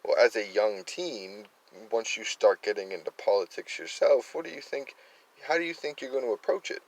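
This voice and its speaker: A man's voice: lowish voice, moderate pace, rough recording. A man from Massachusetts with a light Worcester accent, talking through opinionated political commentary in a rambling monologue full of fillers and restarts.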